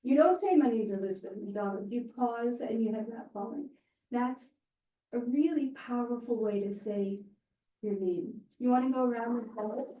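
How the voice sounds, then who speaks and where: A woman's voice: a little high, moderate pace, lo-fi sound. Woman instructor coaching in a roomy class. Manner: animated, demonstrative, checks in with "right?". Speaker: presentation skills instructor. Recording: roomy sound from a distant mic.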